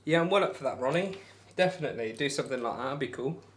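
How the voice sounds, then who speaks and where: A young adult darts streamer talks fast and animatedly in a mid-range voice. Casual and rambling, he makes fun of himself and reads out chat messages to answer viewers.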